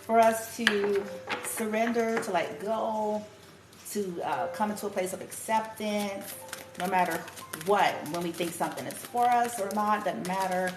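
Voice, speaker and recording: A woman's voice: mid-range voice, steady tone, measured pace, background noise. A woman giving a casual, chatty spiritual tarot reading, laughing often and swearing casually. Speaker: tarot card reader. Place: room at home with music playing. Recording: echoey room with music playing.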